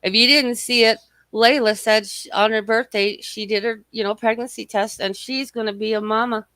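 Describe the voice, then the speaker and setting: Woman livestreamer w a slightly scratchy throat, swears a lot, mocks people, rambles, bright sharp voice, kinda high, dry close mic. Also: steady tone, moderate pace, no room sound. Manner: profane, mocking, rambling. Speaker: livestream host. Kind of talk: casual livestream chat reading comments.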